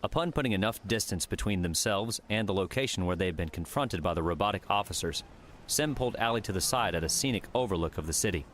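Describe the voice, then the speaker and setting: A man narrating an audiobook in a steady, even storytelling voice. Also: sits low, fast, a little hiss or hum. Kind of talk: scripted narration.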